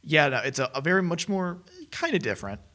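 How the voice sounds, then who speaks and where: A man's voice: fairly high pitch, sing-song, fast, sharp tone. A young man co-hosting a movie review podcast, talking casually, rambling and cutting himself off mid-thought. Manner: rambling, self-interrupting, laughs often. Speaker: podcast co-host.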